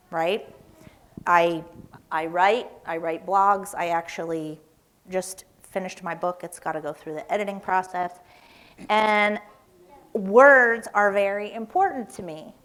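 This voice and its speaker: Woman from Tennessee, seminar speaker in a church hall; conversational, tells stories, keeps asking "right?". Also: medium pitch. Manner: conversational, storytelling, often asks "right?".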